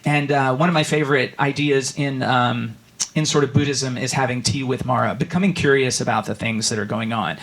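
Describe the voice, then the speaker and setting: A man's voice: mid-range voice, fairly even intonation, a little fast, fairly bright tone. A man giving a casual, conversational sermon as a guest speaker in a church, talking loosely with many fillers and restarts and voicing his inner thoughts. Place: church sanctuary.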